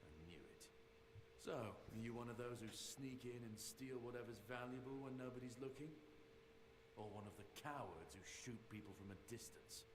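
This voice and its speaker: A man's voice: medium pitch, normal speed, reverberant, close to an everyday voice. An actor playing a mocking male jailer who menaces a prisoner in a video game. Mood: contemptuous. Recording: game audio with ambient noise.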